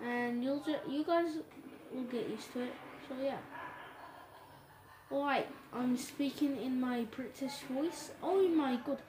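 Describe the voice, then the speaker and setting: A high-voiced woman chats her way through a game in an unhurried, excitable way, piling on exclamations. The sound is roomy and echoey, with a clear layer of background noise running underneath her voice. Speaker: gaming channel host. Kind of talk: casual gameplay commentary.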